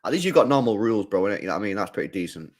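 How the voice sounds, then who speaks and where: A man holds a loose live-stream chat, rambling from point to point and repeating himself for emphasis. His voice sits a little low. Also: big pitch swings, very fast. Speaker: football watchalong streamer.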